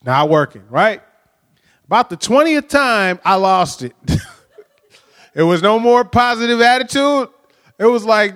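High-voiced man preaching in an echoing hall. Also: expressive, a little slow, pauses often, fairly bright tone, clean tone. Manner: storytelling, frequent "right?" tag questions. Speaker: pastor. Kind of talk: conversational sermon. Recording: long hall reverb.

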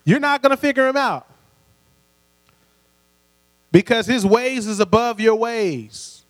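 A man's voice: extremely high pitch, lively intonation, takes it slowly. A man preaching a sermon in a church hall, talking conversationally, laughing lightly between points and prompting the congregation to answer back. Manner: call-and-response, prompting the congregation. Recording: long hall reverb with mains hum.

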